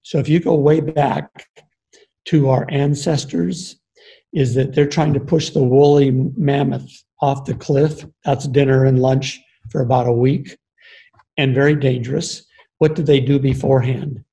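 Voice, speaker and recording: An older man, a grandfather, giving an earnest, explanatory talk on leadership and the body, often pausing with ums and restarting phrases. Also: medium pitch, steady tone, creaky, warm tone, poor audio. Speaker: speaker on embodied leadership. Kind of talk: reflective talk.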